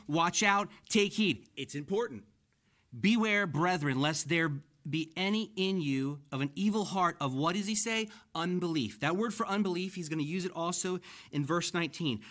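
Male pastor, 40s, slightly high voice, emphatic sermon delivery with loud and hushed swings. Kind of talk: expository sermon.

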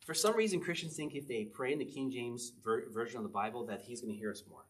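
A middle-aged man delivers a relaxed, conversational sermon as a pastor. His voice sits at an ordinary male pitch, and he talks to the congregation like he's chatting with friends, tossing in quick "okay?" checks as he goes. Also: a little hiss or hum. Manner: conversational, chatty preaching with frequent "okay?" asides.

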